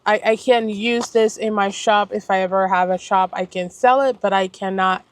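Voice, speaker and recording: A woman's voice: medium pitch, steady tone, normal speed, dry recording. Chatty young woman from Puerto Rico. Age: young adult. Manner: chatty, rambling, self-correcting and apologetic. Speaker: planner vlogger. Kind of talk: casual chat.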